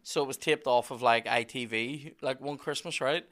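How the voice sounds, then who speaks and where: A man hosting a podcast, chatting casually and telling sweary, animated stories. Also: medium pitch, normal speed. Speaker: podcast host. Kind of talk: casual chat.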